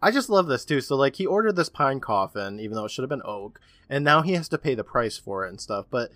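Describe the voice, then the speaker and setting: A man's voice: medium pitch, fast, dry recording. A man co-hosting a podcast, recapping an episode in casual chat and acting out the lines he quotes. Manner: animated storytelling, acts out quotes. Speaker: podcast co-host.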